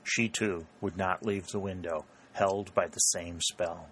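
Low-voiced man narrating a novel. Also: slight background noise. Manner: measured, even storytelling. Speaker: audiobook narrator.

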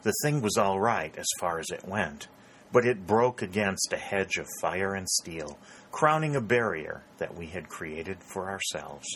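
A man's voice: deep voice, expressive, unhurried, a bit bright, a little hiss or hum, rough recording. A man voicing a gloomy, resigned male army officer.

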